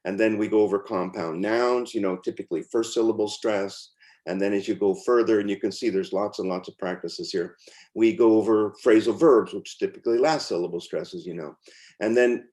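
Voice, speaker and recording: A man demonstrating lessons on screen as a teacher. His voice sits a little low. He talks informally, with many fillers and restarts. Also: a little fast, darkish tone. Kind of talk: screen-share walkthrough.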